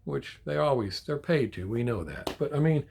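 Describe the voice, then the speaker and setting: A man's voice: medium pitch, lively intonation, normal speed, gravelly, a little mellow, slight background noise. A man hosting a toy collector channel, talking casually to his viewers, getting frustrated and ranting, swearing a lot and repeating himself when worked up. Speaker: die-cast toy collector channel host.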